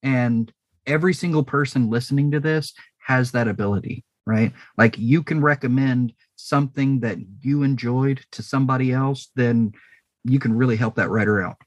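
A man chats as a guest on a podcast, earnest and unhurried, stopping on ums as he works out what to say. His voice sits at an ordinary middle pitch. The sound is dry and close, with no room around it. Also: no echo. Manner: earnest, hesitant with many ums. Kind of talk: casual podcast chat.

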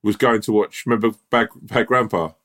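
Male co-host, low and fast, lively rambling storyteller. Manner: rambling, animated storyteller with many restarts. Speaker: podcast co-host. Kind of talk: casual chat.

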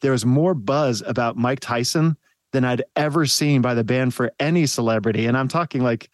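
A man's voice: mid-range voice, moderate pace, no room sound. A man hosting a podcast, telling a story in a casual, chatty way and laughing often. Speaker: podcast host.

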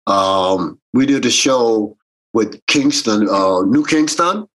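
A husky, slightly breathy man with a lilt, leading a reggae band and talking through his stories. He tells them animatedly, slipping into the voices of the people he quotes. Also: on the low side, animated, slow, fairly bright tone, poor audio. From Jamaican American. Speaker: reggae bandleader. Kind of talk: casual interview storytelling.

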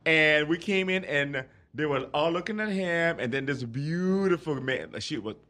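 A man from Ohio in casual chat, telling animated, campy stories with lots of laughter. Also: a little high, measured pace.

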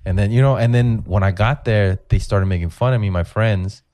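A man's voice: fairly low pitch, normal speed, no echo. A comedian in his forties, telling rambling, profane stories in a casual podcast chat. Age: 40s. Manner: profane, rambling, animated storytelling. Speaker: comedian guest.

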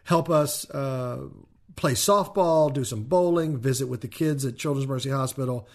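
A man's voice: medium pitch, normal speed, a little mellow. A man co-hosting a podcast in casual chat, rambling with frequent ums and restarts. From Kansas City, USA. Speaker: podcast co-host.

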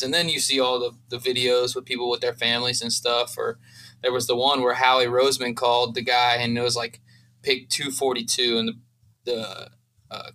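Young male co-host, emotional rambling chat, bright tense tone. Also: mid-range voice, rough recording. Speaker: podcast co-host. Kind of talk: casual chat.

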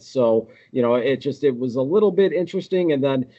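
A man's voice: medium pitch, animated, a little fast, few pauses, dark tone. Brief: ranting profane male guest, lo-fi muffled call sound. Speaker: podcast guest. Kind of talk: casual sports podcast rant.

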